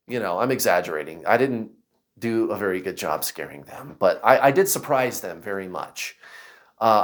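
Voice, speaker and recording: A man casually telling a personal story to camera, acting out other people's voices and shouts. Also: on the low side. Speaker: vlogger.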